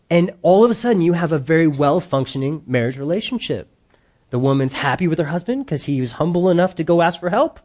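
Man preaching, somewhat high voice, conversational sermon, acts out quotes, middle-aged. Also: animated, fast, a little mellow. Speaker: pastor.

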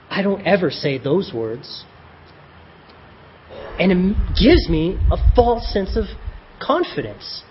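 A man's voice: fairly high pitch, slightly rough, lo-fi sound. A man preaching a sermon in a conversational style, with self-deprecating joking asides.

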